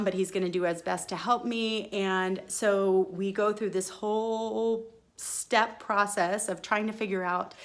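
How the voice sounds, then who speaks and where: Female host, relaxed storytelling monologue, lively and expressive delivery. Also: mid-range voice. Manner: chatty and expressive, acts out her own quoted lines. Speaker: podcast host.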